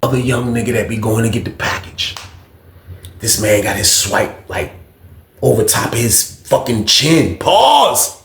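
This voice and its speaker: A man telling a story in a casual, animated way, full of slang, dropping to a hush for the tense parts. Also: on the low side, normal speed, gravelly. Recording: echoey room.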